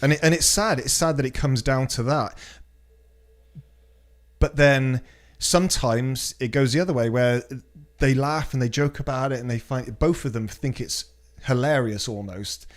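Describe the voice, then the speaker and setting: A man's voice: mid-range voice, moderate pace. A man with a British accent chatting casually on a podcast, blunt and sweary, telling stories from his own life.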